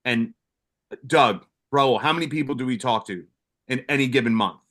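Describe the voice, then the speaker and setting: A man's voice: mid-range voice, moderate pace, a bit bright. A middle-aged man with an ordinary mid-range voice tells stories bluntly and casually. He swears freely and restarts his sentences often, rambling as he talks. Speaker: podcast co-host, retired first responder. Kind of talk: casual storytelling.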